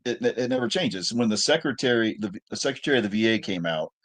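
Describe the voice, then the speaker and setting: A middle-aged man telling a relaxed, profane story in a casual chat. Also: fairly low pitch, fast talker. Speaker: podcast co-host.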